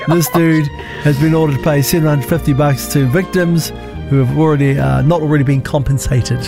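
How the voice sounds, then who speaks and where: A man's voice: fairly high pitch, fairly even intonation, gravelly, over music. Chatty New Zealand breakfast radio man. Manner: chatty, jokey, quick to laugh. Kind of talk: casual radio banter. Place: radio studio.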